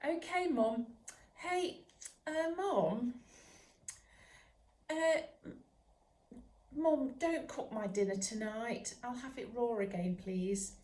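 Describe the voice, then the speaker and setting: A woman voicing a small, eager young male poodle who dreams of being a lion, talking in an excitable, boastful way. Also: a little high, extremely slow, pauses often, echoey room, recorded from a distance. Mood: pleading.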